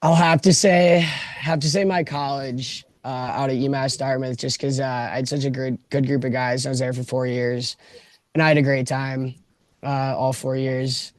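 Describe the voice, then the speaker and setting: A relaxed man talking hockey and life as a podcast guest. His voice sits mid-range and sounds close and dry, with no room around it. He keeps things loose and laughs easily. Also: mid-range voice, normal speed, no room sound. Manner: easygoing, laughs often. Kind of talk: casual podcast chat.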